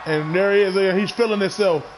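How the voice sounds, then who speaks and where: High-pitched excitable man calling wrestling. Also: normal speed, noisy background. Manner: excitable, shouting calls, frequent restarts. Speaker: wrestling commentator. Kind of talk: play-by-play commentary.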